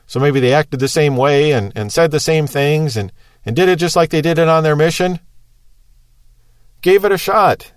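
A man preaches in an easy, conversational manner, explaining step by step and posing rhetorical questions. His voice sits a little high. The sound is dry and close. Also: moderate pace, clean tone, no echo. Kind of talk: sermon.

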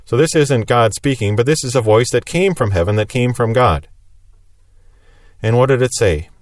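Male preacher, earnest, explanatory, mid-pitched voice, dry close sound. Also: normal speed, no echo. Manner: earnest, explanatory, rising emphasis on repeated phrases. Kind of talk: sermon.

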